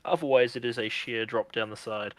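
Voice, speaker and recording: A man narrating as game master on a video call, describing the action in a relaxed way and laughing often. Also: medium pitch, fairly quick, dry recording, rough recording.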